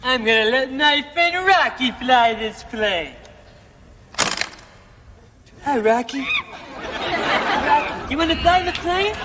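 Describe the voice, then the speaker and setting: A man playing an arrogant, abusive young rock star who swaggers and shouts insults, in a sketch comedy. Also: very high voice, big pitch swings, slow pace, over a noisy crowd, heavy background noise, heavily acted. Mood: bullying. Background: audience laughter.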